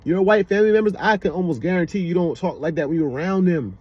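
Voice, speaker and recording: A man's voice: high voice, fast, breathy edge. A man with a DC-area accent giving rambling, casual commentary, often asking if you know what he means. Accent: Washington DC area. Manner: rambling, with repeated fillers. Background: loud car passing outside.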